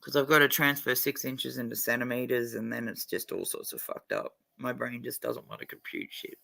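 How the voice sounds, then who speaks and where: A man's voice: medium pitch, lively intonation, brisk, creaky, sharp tone. A man chatting casually on a livestream, blunt and heavily profane, a little drunk and stoned. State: tipsy and stoned.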